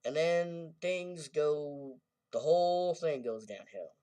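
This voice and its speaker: A man's voice: fairly high pitch, takes it slowly, dark tone. A man casually recapping a story's plot, rambling and correcting himself as he goes. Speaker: game reviewer. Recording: very echoey, voice far from mic.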